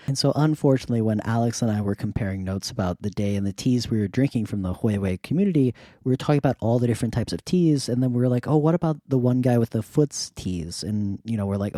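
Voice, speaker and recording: Sick with pneumonia and short of breath, a male podcast host tells relaxed, casual stories fast in a lowish voice, acting out what other people said. The studio-quality sound has no echo.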